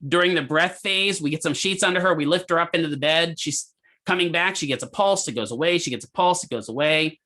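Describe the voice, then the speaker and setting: A man teaching a physical therapy class, telling a hospital story in a lively way and asking students questions. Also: on the high side, fairly quick. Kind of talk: lecture with a clinical story.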